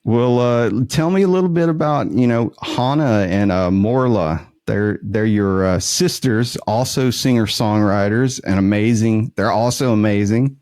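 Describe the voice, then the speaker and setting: A man's voice: on the low side, unhurried, hardly any pauses, darkish tone, dry recording, studio quality. A man with a Southern US accent hosting a casual podcast interview, rambling with fillers and laughing often. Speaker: podcast host.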